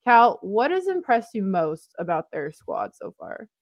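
A woman's voice: mid-range voice, sing-song, measured pace, no echo. A woman in her twenties co-hosting a casual sports podcast, upbeat and chatty, laughing easily. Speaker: podcast co-host.

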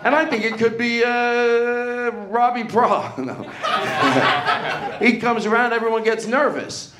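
A man's voice: extremely high pitch, slow, roomy sound, crowd noise. A man, a comedian hosting a live podcast before an audience in a hotel event room, chatting and rambling in self-mocking stand-up banter.

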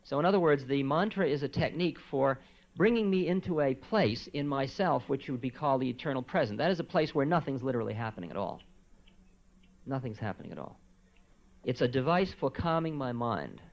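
A man giving a relaxed spiritual talk to listeners, his voice soft and conversational, wandering into asides. The sound is dull and lo-fi, like an old tape recording. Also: medium pitch, fast, vocal fry. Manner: relaxed, conversational, soft-spoken with frequent asides and quiet chuckles. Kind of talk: informal spiritual lecture.

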